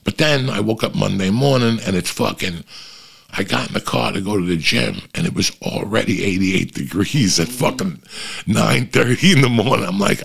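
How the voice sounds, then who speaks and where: Gravelly low-voiced middle-aged man. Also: normal speed. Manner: profane, rambling, animated anecdotes. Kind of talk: casual rambling storytelling.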